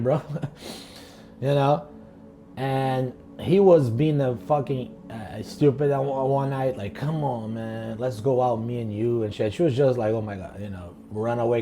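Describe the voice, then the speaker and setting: A man's voice: medium pitch, warm tone. A man casually telling stories from his bartending work, profane and rambling, full of slang. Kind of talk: casual storytelling.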